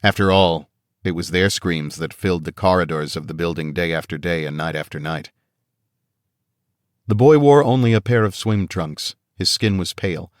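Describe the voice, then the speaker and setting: A man narrating an audiobook in a steady, measured reading style on a close studio mic. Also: low-pitched, no room sound. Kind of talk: scripted narration.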